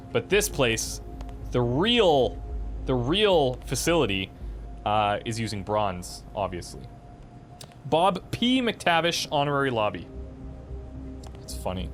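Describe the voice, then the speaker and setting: A man casually commenting on gameplay, animated and amused, with frequent chuckling asides. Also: medium pitch, unhurried, faint music behind. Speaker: let's play host.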